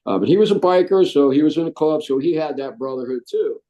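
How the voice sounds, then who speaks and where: The audio is dull as a middle-aged Marine veteran, speaking quickly in a slightly high voice, relates his story to an interviewer. He animatedly mimics the people he quotes.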